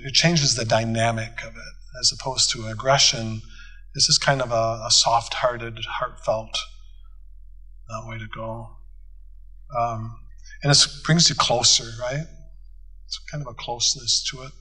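A pastor teaches a church conference crowd, telling stories and acting out the quoted lines. His voice is bright and forward, with a husky edge. He talks like a friendly neighbor. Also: mid-range voice, steady tone, unhurried, poor audio. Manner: folksy storytelling with quoted dialogue. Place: conference hall.

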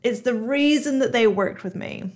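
A woman's voice: a little high, normal speed. A woman with a Bristol accent, hosting her own podcast as a hypnotherapist and coach, talking casually with many fillers. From Bristol, England. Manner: chatty, frequent "you know" and "like" fillers. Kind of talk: solo podcast monologue.

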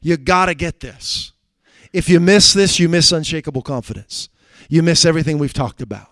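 Male preacher, high clear tenor, dry close sound, emphatic sermon delivery with slow stretched-out scripture quotes. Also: dry recording. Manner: emphatic, swings between loud urgent exhortation and low quiet asides.

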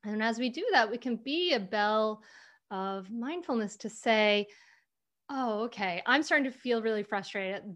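A woman author in an interview, telling personal stories in a lively way, with many fillers and restarts. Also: fairly high pitch. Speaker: author, guest. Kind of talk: conversational interview.

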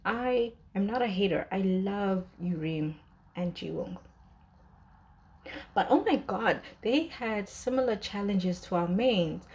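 A woman's voice: medium pitch, a little slow, darkish tone. A young woman in casual commentary, talking emotionally about a drama's breakup with many fillers and restarts. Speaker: drama reviewer.

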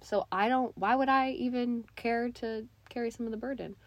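A woman's voice: on the high side, normal speed, no room sound, lo-fi sound. A woman co-hosting a podcast in casual chat, rambling and trailing off into self-deprecating asides. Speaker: podcast co-host.

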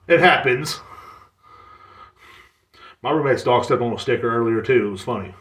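Podcast host, young man, mid-pitched voice, sarcastic cursing rant, roomy echo. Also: steady tone, brisk, pauses often, fairly bright tone. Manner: swearing, sarcastic, mocks others in put-on voices. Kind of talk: casual ranting monologue. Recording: echoey room.

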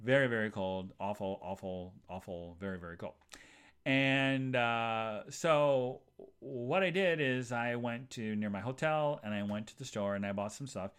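A man hosting a podcast, telling a long rambling story in a chatty, animated way with many asides to his listeners. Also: unhurried, clear, resonant tone. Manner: rambling and animated, jumps to high voices for quoted people. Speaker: podcast host. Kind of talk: casual monologue storytelling.

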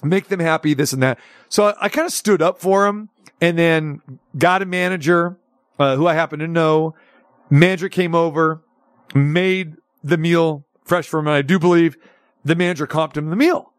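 A male talk show host telling a long story in a chatty, animated way, with lots of restarts. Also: on the high side, moderate pace, no echo, studio quality. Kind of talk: casual storytelling chat.

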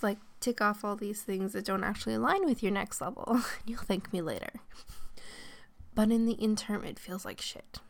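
A woman's voice: mid-range voice, vocal fry. A woman hosting her own podcast, talking casually, laughing often and saying "like" a lot. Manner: chatty, laughs often, peppers speech with "like". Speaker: podcast host. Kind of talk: casual solo podcast talk.

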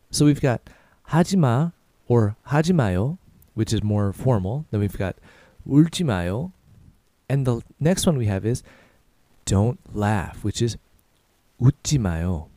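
Casual man teaching phrases, warm lively voice. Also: on the low side, dry recording. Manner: repeats phrases slowly, then faster. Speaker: podcast host and Korean teacher. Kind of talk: casual language lesson.

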